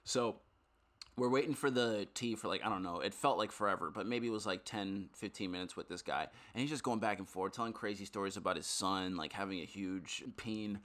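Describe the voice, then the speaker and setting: A young adult man and podcast co-host, telling a story in an animated, casual way full of fillers and swearing. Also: lowish voice, a little fast.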